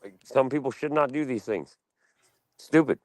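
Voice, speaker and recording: A man's voice: medium pitch, moderate pace, darkish tone, dry recording. A man from Delaware ranting casually and profanely on a podcast panel. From Delaware, USA.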